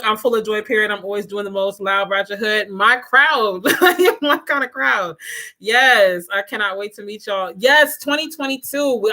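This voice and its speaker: Bright, laughing woman livestream host. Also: on the high side. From Washington, DC area. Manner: animated, laughs often, addresses viewers as y'all. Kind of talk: casual livestream chat.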